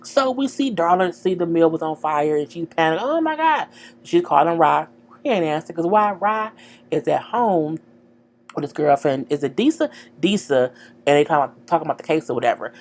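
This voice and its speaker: A woman casually recapping a TV episode, slangy and animated, talking straight to her viewers. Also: low voice, fairly quick. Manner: animated, slangy, acts out dialogue, chats to viewers. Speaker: TV show recapper.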